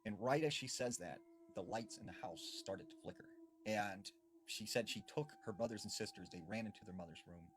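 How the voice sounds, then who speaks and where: Lively low-voiced man telling a creepy story. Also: fairly quick.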